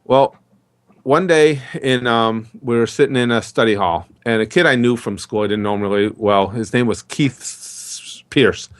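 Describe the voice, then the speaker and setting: A middle-aged man settles into a long, rambling story, acting out what everyone said. His pitch sits in an ordinary middle range, and the delivery stays chatty and unhurried. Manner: chatty, rambling storyteller who acts out dialogue. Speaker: interview guest. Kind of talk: storytelling in a casual interview.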